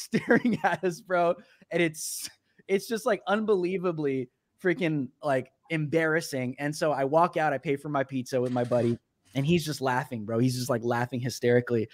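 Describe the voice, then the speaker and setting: A man hosting a casual talk show, animatedly telling a story, acting out the people he quotes and laughing often. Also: fairly high pitch. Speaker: podcast host.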